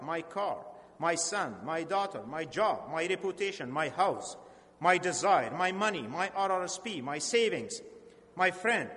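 Earnest high-voiced preacher in a hall. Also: male voice, fairly bright tone. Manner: earnest, slow and emphatic, with halting restarts. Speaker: pastor. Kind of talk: sermon. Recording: long hall reverb.

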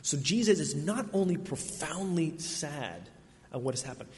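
A man's voice: on the high side, lively intonation, darkish tone. Earnest male preacher in a reverberant hall. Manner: earnest, emphatic, with dramatic pauses. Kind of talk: sermon. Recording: reverberant hall, faint ambient noise.

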